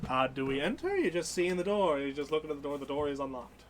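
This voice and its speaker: A man narrating as game master of a tabletop role-playing game, a lively storyteller who laughs often. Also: a little high, quick pace, a little hiss or hum.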